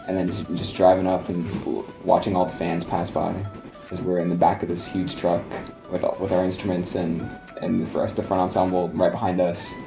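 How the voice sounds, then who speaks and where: A teenage boy and senior band student who recalls band trips in a relaxed way. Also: brisk, gravelly, reverberant, music in the background. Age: teens. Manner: low, even, relaxed recollection. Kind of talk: casual reminiscence.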